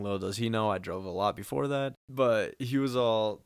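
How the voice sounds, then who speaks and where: Laid-back teen guy, smooth voice. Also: lowish voice, fairly even intonation, fairly quick, few pauses, no room sound, clean studio sound. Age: late teens. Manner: laid-back slangy delivery, frequent swearing and laughs. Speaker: vlogger. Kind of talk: casual storytime.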